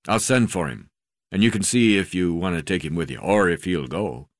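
Croaking, blustery old magistrate, fond of drink and swearing, done by a male reader. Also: low voice, expressive, normal speed, dry recording, studio quality. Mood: gruff. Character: gruff boozy older male colonial magistrate.

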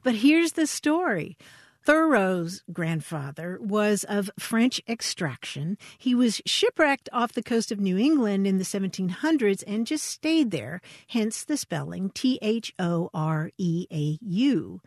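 A woman's voice: mid-range voice, animated, measured pace, no echo, clean studio sound. A woman co-hosting a radio show about language, chatting and laughing easily. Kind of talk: casual radio chat.

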